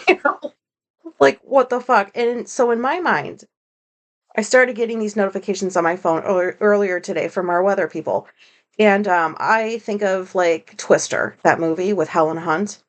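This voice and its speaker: A woman hosting a casual solo podcast, rambling and swearing freely, mocking herself, and high on marijuana. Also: normal speed. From United States. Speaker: podcast host.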